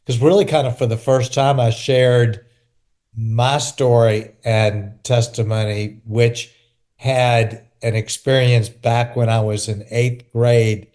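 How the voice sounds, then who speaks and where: A man hosting a podcast talks slowly and reflectively. He halts and restarts often as he gathers his thoughts, with a mid-range voice. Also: medium pitch, steady tone, darkish tone. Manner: halting, with many restarts and fillers. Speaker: podcast host. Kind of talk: reflective conversation.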